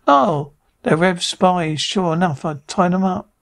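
A man voicing a blunt male soldier who is suspicious of spies, with a gravelly voice. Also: high-pitched, unhurried, fairly bright tone, exaggerated voice. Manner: blunt, threatening.

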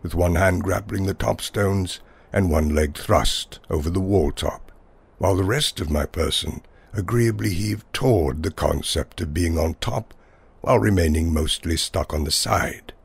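A man with a low, gravelly voice tells a whimsical first-person tale. His delivery is wry and unhurried, savoring long, playful sentences. The tone stays rough and husky throughout. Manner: wry, whimsical, wordy storytelling. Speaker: narrator. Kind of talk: scripted first-person story narration.

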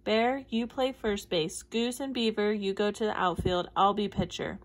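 A woman's voice: mid-range voice, steady tone, normal speed, close to an everyday voice. A woman reading a storybook, voicing a stubborn, bossy young turtle boy who gives orders. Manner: insistent, orders others around.

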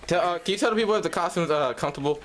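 A man's voice: fairly high pitch, very fast, background noise. A young man filming behind the scenes, playfully interviewing the cast with jokes. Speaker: camera operator. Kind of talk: casual behind-the-scenes chat.

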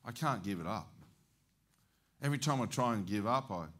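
A man's voice: lowish voice, lively intonation, normal speed, a bit bright. A man retelling the words of a blunt, heavy-drinking man of nearly seventy, keeping his own everyday voice. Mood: frank.

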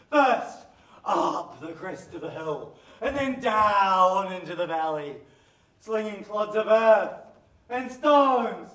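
A cowardly young slave babbles and shouts in panic, played by a man on stage. The voice is very high and bright, and the lines come slowly. It is heard from far off in a roomy hall, with a faint audience behind. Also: heavily acted. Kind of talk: stage play performance.

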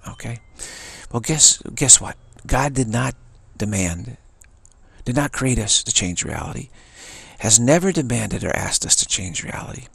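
Gravelly husky man giving a spiritual talk. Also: medium pitch, expressive, a little slow, a bit bright, no room sound. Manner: earnest, storytelling, repeats phrases for emphasis. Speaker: spiritual teacher.

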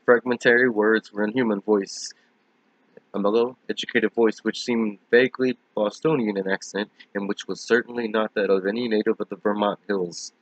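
Male reader, lowish voice, solemn measured horror narration; dull lo-fi recording. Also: no echo. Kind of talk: horror story reading.

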